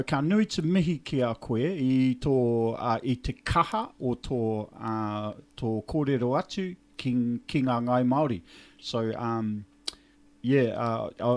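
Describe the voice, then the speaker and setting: Relaxed New Zealand host, mid voice. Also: male voice, medium pitch. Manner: relaxed, mixing in Māori phrases. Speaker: podcast host. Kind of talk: casual chat interview.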